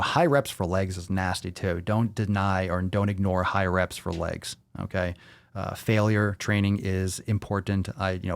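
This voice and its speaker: A man's voice: lowish voice, dry recording. Blunt, profane man hosting a fitness Q&A. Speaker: fitness podcast host. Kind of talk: casual livestream Q&A.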